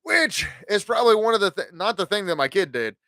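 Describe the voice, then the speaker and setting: A man's voice: high-pitched, sing-song, brisk, sharp tone, no room sound. A man in his forties hosting a podcast, telling stories in a casual, profane, ranting way. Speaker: podcast host.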